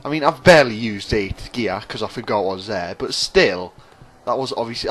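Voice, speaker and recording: A man's voice: fairly low pitch, very animated, moderate pace, few pauses, a bit bright. Rambling sarcastic man commentating a racing game. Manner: rambling, self-mocking, sarcastic. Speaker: gaming commentator.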